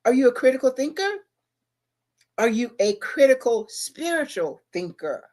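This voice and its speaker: A woman's voice: on the high side, big pitch swings, moderate pace, a little mellow. A middle-aged woman talks in a casual livestream show as co-host. She speaks emphatically and a little preachily. She keeps asking the listener rhetorical questions. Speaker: podcast co-host.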